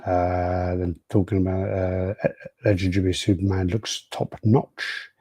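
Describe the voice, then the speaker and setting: A man's voice: sits low, flat delivery, unhurried, warm tone, slightly rough. A British man co-hosting a podcast, casually telling stories and reading out live chat messages. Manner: rambling storyteller, acts out quotes. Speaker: podcast co-host.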